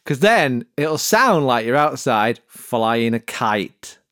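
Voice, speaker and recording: A man's voice: mid-range voice, very animated, takes it slowly, a bit bright, no echo, studio quality. A man giving podcast production tips in a jokey, mock-serious monologue, theatrical and full of sudden vocal swoops. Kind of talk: comic tutorial monologue.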